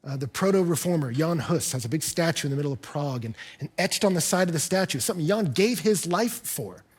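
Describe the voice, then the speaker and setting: A man's voice: on the high side, fast, slightly rough. A middle-aged man, a pastor, preaching a sermon and acting out the people in his stories. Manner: animated storyteller, acts out dialogue in quotes.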